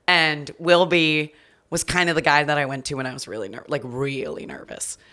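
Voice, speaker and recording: Low-voiced woman telling a candid story. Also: moderate pace. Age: 30s. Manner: animated, candid, full of likes and restarts. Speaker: guest. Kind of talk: casual conversational storytelling.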